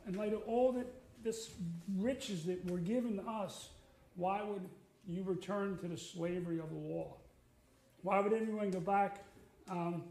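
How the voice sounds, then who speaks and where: Middle-aged man, preacher; mellow, gravelly tone, casual sermon delivery. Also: sits high. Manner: conversational, with fillers and restarts. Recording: echoey room.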